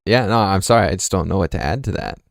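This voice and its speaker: A man's voice: deep voice, animated, quick pace, gravelly, no room sound, studio quality. A man hosting a podcast, laid back and reserved, chatting casually with his guest. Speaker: podcast host. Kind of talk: casual interview chat.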